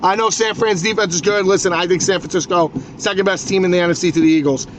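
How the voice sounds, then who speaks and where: Male New podcast host, high voice, hot-headed profane sports rant, stammering restarts, noisy background. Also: fairly even intonation, quick pace.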